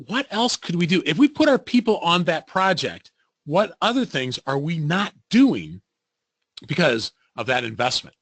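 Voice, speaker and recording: A middle-aged man presenting a webinar in a lively, storytelling way, acting out the voices of people he quotes. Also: on the high side, moderate pace, dry recording. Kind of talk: interactive webinar talk.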